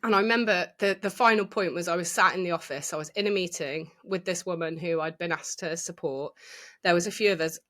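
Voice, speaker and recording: Reflective middle-aged woman, slightly low pitch, candid storytelling guest. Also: brisk, a bit bright. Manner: open, reflective, with restarts and acted quotes. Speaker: guest sharing her experience.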